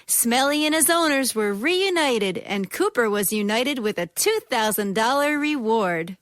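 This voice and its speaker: A woman reads a short news story on radio in a crisp, scripted way. Her voice is high. The sound is dry. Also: lively intonation, a little slow, a bit bright, no echo.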